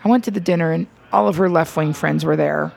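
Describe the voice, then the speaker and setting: A middle-aged woman comedian telling an animated story in an interview. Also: deep voice, fast talker, creaky. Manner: animated, tells anecdotes with acted quotes. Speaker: stand-up comedian and radio host.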